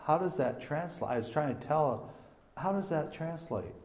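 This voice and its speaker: A man teaching an informal sermon from a personal story, animated and halting, swinging between loud emphasis and hushed speech. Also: fairly high pitch, reverberant. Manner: halting, restarts sentences. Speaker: Bible teacher.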